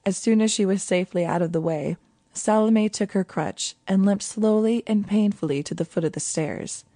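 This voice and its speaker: Female audiobook narrator; calm, mellow, lower-pitched read, dry close sound. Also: normal speed, dry recording. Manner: calm, even storytelling. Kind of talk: scripted narration.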